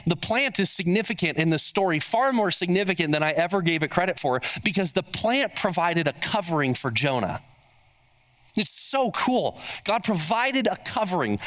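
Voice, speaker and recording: Male pastor preaching, fairly high voice, keeps hammering rhetorical questions. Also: fairly bright tone. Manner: emphatic, repeated rhetorical questions. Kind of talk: sermon.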